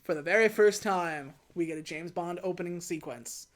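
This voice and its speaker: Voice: mid-range voice, moderate pace. A podcast co-host casually recapping a film plot, quoting the characters in an offhand way. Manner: retells scenes by quoting characters in a loose, offhand way.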